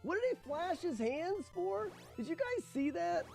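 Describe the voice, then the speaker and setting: Male streamer with lively pitch over faint music, quick joking play-by-play with cursing. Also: creaky. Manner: animated, joking, swears at the game. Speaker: streamer playing a retro game. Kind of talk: live-stream gaming commentary.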